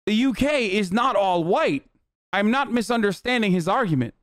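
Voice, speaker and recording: A man's voice: high voice, expressive, normal speed, a bit bright, no echo, studio quality. A man in his thirties commenting bluntly and with plenty of profanity while reacting to a clip on a live stream.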